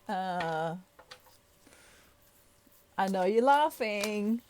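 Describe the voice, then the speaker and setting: A woman speaks slowly and playfully as she lays out a tarot reading, laughing often between her thoughts. Her pitch sits at an average level, and she takes her time with each phrase. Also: background noise. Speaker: tarot reader. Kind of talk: casual tarot reading monologue.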